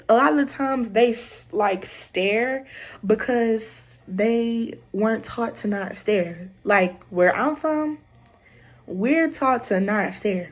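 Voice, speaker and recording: A young woman with a Southern American accent, chatting casually in a vlog and acting out little greetings as she tells her stories. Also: on the high side. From Southern United States. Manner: animated storytelling, acts out greetings. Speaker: vlogger. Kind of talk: casual chat.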